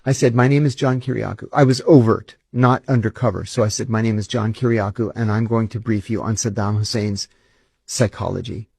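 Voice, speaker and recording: A former intelligence officer, interviewed as a guest, tells stories animatedly and acts out the dialogue he quotes. His lowish voice is steady, brisk, gravelly, husky, and darkish, with no echo.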